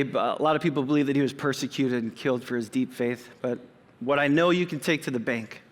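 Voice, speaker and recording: A middle-aged man, a pastor, preaching an earnest and conversational sermon with dramatic pauses in a church sanctuary. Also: mid-range voice, a bit bright. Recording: long reverb of a large hall.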